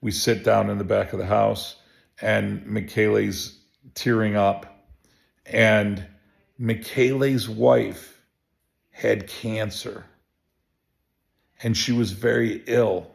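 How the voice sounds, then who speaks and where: A chiropractor telling a personal story in a relaxed, rambling way, full of restarts and fillers. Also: male voice, lowish voice, slow pace, gravelly, long pauses. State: emotional. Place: home.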